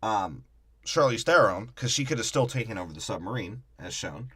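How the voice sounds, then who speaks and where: Low-voiced, profane man on a podcast. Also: lively intonation, normal speed, pushed and bright, husky, no room sound. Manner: profane, laughing, recaps plot with mock impressions. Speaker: podcast co-host. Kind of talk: casual movie breakdown chat.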